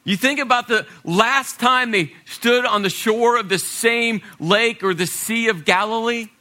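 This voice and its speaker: Man, pastor, sermon, dramatic, bright tone, loud-to-hushed dynamics. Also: extremely high pitch, a little slow. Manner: dramatic, swings between loud and hushed, acts out quotes.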